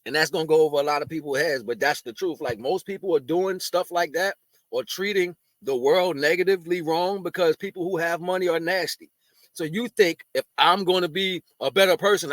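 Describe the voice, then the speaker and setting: High-voiced man preaching street-style. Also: fairly bright tone, dry recording. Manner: eating while talking. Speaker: spiritual video host. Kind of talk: casual spiritual monologue.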